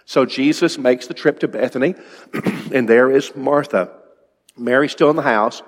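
A man's voice: mid-range voice, moderate pace. Man preaching in a reverberant hall. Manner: conversational, asks the congregation questions. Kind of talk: evening sermon. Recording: long reverb in a large hall.

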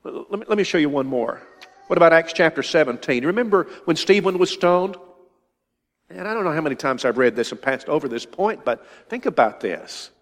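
A man's voice: on the high side, lively intonation, brisk. An older man preaching a sermon, emphatic and often repeating phrases for stress. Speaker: pastor. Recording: long hall reverb.

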